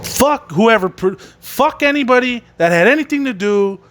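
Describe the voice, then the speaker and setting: A man's voice: very high voice, animated, normal speed, fairly bright tone, a little hiss or hum. A man hosting a wrestling podcast, recapping a show and ranting angrily with constant swearing. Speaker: podcast host reviewing wrestling. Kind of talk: profane rant recapping a show.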